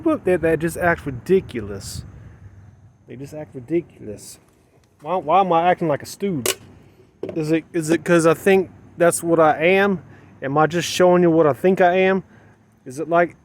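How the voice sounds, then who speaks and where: Outdoors and speaking to his camera, a man rambles emotionally through a personal vlog monologue, repeating himself as he questions his own feelings. His voice is a little high with a darkish tone, and there's slight background noise.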